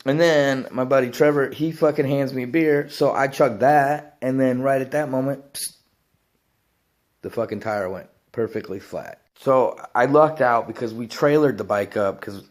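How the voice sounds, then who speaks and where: A man's voice: medium pitch, moderate pace. A man telling a rambling biker story in casual talk, swearing often and laughing between lines.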